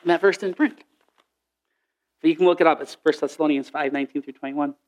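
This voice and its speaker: A man preaching a sermon, telling Bible stories in an animated way and acting out the voices in the quotes. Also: fairly high pitch, fast talker.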